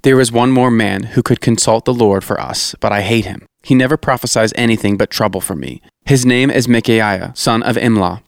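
A man voicing a sharp, demanding king. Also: on the low side, normal speed, gravelly, hardly any pauses, no echo, studio quality. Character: angry scheming male king.

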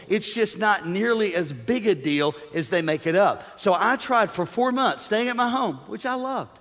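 A male pastor preaches with lively, joking energy and keeps calling on his congregation to answer him. His voice sits high and bright. It rings out with the long reverb of a big church hall. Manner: energetic preaching with audience call-outs and humor. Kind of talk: sermon. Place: church sanctuary.

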